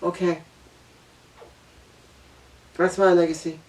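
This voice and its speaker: A man's voice: high voice, flat delivery, takes it slowly. A man giving an earnest, emotional personal monologue as a vlogger, often repeating himself and apologizing. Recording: voice distant from the mic.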